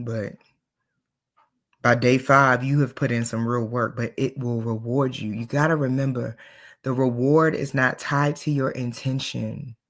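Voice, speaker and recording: Self-assured woman business coach, emphatic motivational delivery. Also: rumbling low. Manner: emphatic and self-assured, shifts between loud and soft. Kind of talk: motivational talk.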